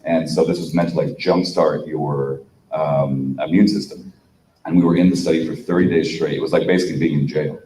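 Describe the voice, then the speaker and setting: A man's voice: rumbling low, fairly even intonation, fairly quick, mellow, recorded from a distance. A man telling a rambling story as a panel guest at a convention, with many fillers and restarts. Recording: echoey room from off-mic with faint hum.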